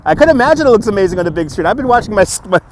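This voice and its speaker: A man's voice: high voice, big pitch swings, rapid-fire, slight background noise, rough recording. A man chatting casually while walking outdoors at night, talking into a phone on a gimbal, laughing often and repeating himself. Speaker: livestream vlogger. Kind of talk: casual walking livestream chat. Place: city streets outdoors at night.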